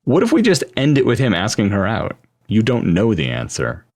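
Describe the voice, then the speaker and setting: A man co-hosting a casual podcast, playful and quick to laugh, reading the show's outro. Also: fairly low pitch, huge pitch swings, a little mellow. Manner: playful, laughs easily, reads show outro. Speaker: podcast co-host. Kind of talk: casual chat.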